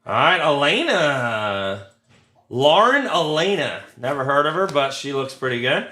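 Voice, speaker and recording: Bright-voiced Philly-man breaking cards. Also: on the high side, big pitch swings, unhurried. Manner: crude joking banter, reads out cards. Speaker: card break host. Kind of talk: casual live card-break commentary. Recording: roomy with faint noise.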